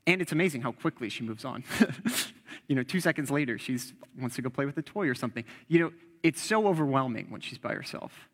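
A man's voice: mid-range voice, animated, fast, long reverb tail. A young man preaching an earnest, conversational sermon and quoting scripture.

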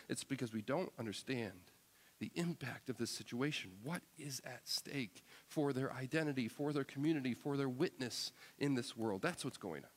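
A man's voice: mid-range voice, in a large hall. A man preaching a sermon as pastor, earnest and often repeating words as he explains a text. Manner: earnest, repeats words, acts out quoted voices.

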